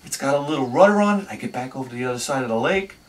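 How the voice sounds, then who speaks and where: A man telling a personal story on his video channel, excitable, swinging between loud bursts and quiet asides. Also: medium pitch, rapid-fire, far from the mic. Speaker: video host.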